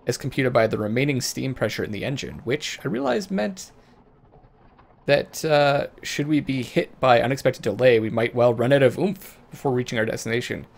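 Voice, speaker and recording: A man's voice: mid-range voice, animated, moderate pace, creaky. A man hosting a let's play, reading the game's story aloud and breaking into jokey asides. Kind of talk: reading game text aloud with casual asides.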